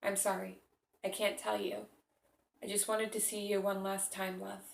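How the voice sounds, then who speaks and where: A woman reading the lines of a troubled young man on the run, in her own soft, earnest voice. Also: medium pitch, little pitch movement, normal speed, vocal fry, roomy sound. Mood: pleading.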